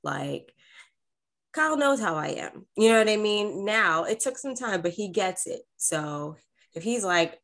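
A woman's voice: medium pitch, lively intonation, a little slow, a bit bright. A woman in casual chat, telling a story animatedly and acting out quoted voices.

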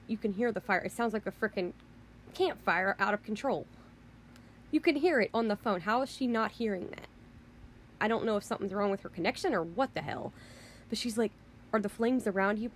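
Woman, vlogger, indignant storytelling rant; mid-pitched, rambling, swears when exasperated. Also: slight background noise. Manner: indignant, rambling, repeats "you know" and "I mean".

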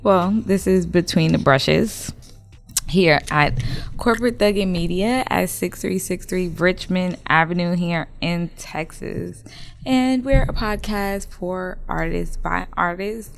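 Podcast host, woman, low gravelly voice, loose and profane, slight background hiss. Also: slow pace. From northern United States. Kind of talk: casual podcast interview.

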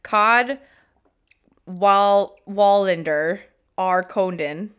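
A young American woman co-hosting a relaxed chat podcast. She keeps the conversation moving with an upbeat, friendly manner and now and then reads details aloud. Her voice sits at a middle pitch. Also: extremely slow, clean tone. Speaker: podcast co-host. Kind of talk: casual chat.

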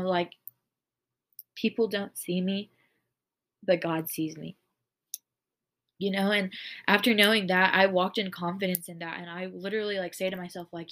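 The host of a casual faith podcast is a woman with a medium-pitched, slightly bright voice. Her talk is earnest and rambling, full of "like."

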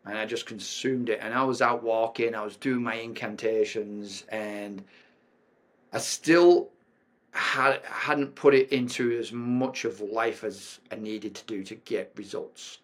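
A man's voice: lowish voice, measured pace. A middle-aged man with an English accent, a podcast guest telling a personal story frankly, with frequent ums and restarts. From England. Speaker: podcast guest, performance coach.

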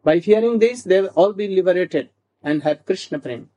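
A man telling a devotional story slowly, with halting restarts and asides asking "hmm?". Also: sits high, mellow, muffled recording.

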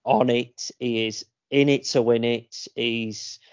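A man's voice: mid-range voice, steady tone, slow, clean tone, no room sound. Male podcast co-host, chatty anecdotal storyteller, dry slightly dull recording. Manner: chatty storyteller, many fillers and restarts. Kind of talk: casual chat.

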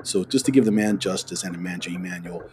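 A man's voice: sits low, fast, darkish tone, soft background music. A man hosting a podcast in casual, chatty talk, effusive and full of loose restarts. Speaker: podcast host.

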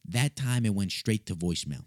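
Deep-voiced young man telling a story. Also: normal speed, dry recording, studio quality. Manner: animated, swearing, self-mocking. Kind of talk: casual comic storytelling.

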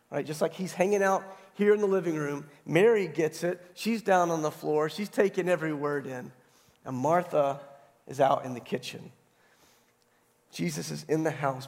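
A man preaching a sermon in a relaxed, conversational storytelling way, his voice hoarse and gravelly from allergies, often checking in with "right?". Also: a little high. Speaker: pastor. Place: church sanctuary. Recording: long hall reverb.

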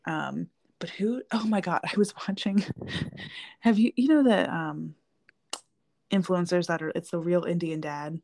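A woman's voice: on the low side, unhurried, vocal fry, long pauses, darkish tone, a little hiss or hum. A woman co-hosting a podcast, chatting casually and rambling with lots of fillers. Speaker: podcast co-host. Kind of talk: casual chat.

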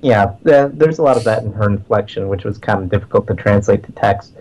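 A man hosting a casual fan chat, talking in a relaxed, rambling way with many fillers. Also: lowish voice, brisk. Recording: dull lo-fi audio.

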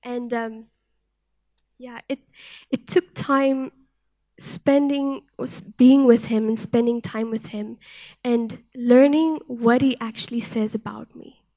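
Young woman, church speaker; soft-spoken, earnest testimony, somewhat high voice. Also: steady tone, slow. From South Africa. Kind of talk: sermon with personal testimony.

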